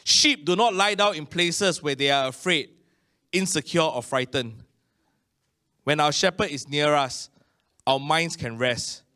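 A middle-aged man with a Singaporean English accent, preaching a conversational sermon with frequent Amens and slow, emphatic phrases. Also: on the high side, sharp tone.

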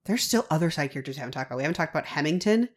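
A woman co-hosting a book podcast, chatting in a relaxed way and moving the talk on to the next character. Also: deep voice, rapid-fire. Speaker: podcast co-host. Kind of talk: casual book chat.

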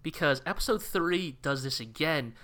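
A man co-hosting a casual podcast, his voice on the higher side and bright with edge. He talks in an animated, impassioned way, tumbling over quick restarts. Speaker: podcast co-host. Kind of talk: casual chat reviewing anime.

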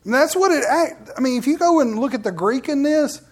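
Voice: sits high, lively intonation, fairly quick. A preacher delivering a casual, candid sermon to a live congregation, acting out the people in the Bible story in quoted voices. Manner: conversational, acts out Bible scenes in quoted voices; candid, addresses the crowd directly.

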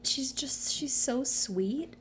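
A woman co-hosting a casual book-club podcast, wry and joking, with quick asides. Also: high voice, lively intonation, a little hiss or hum. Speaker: podcast co-host.

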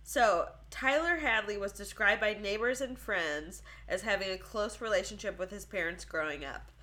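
A woman's voice: mid-range voice, normal speed, sharp tone. A woman co-hosting a casual true-crime podcast, reading out case notes and joking and laughing between the facts. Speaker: podcast co-host.

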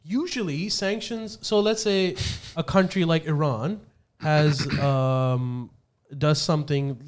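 A podcast host in casual chat, explaining ideas methodically with hesitant restarts. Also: male voice, a little high, darkish tone.

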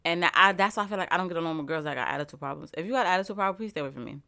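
A young woman chatting straight to her viewers in an animated, emphatic way. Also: on the low side, rapid-fire, gravelly. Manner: animated, emphatic, speaks straight to the audience with lots of "like". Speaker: vlogger and podcaster. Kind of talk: casual motivational chat to viewers.

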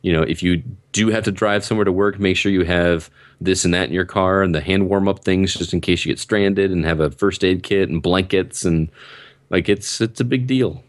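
A man with a very low voice talks in an easygoing way. He explains things slowly and at length in a relaxed chat. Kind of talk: casual chat.

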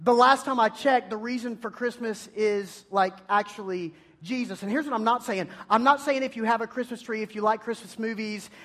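A man, preaching as a high school youth pastor, with playful storytelling and sudden loud bursts. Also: fairly even intonation, normal speed, hardly any pauses. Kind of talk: energetic youth sermon.

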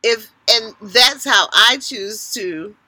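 A middle-aged woman co-hosting a casual podcast, an animated storyteller who swings between loud and soft. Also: on the high side, slow, dry recording. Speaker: podcast co-host.

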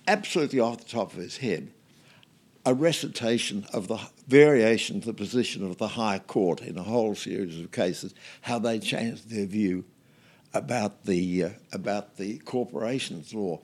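An older Australian man, a guest in an interview, telling anecdotes in a relaxed way with many fillers and restarts. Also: lowish voice, normal speed.

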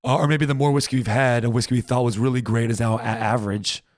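A man co-hosting a podcast in casual chat, easygoing and quick to agree. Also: mid-range voice, steady tone, dry recording, studio quality. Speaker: podcast co-host.

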